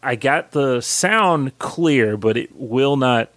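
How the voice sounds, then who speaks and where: A married man co-hosting a podcast, talking in easygoing, halting casual chat with fillers and restarts. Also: mid-range voice, lively intonation, fairly bright tone, dry recording. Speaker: podcast co-host.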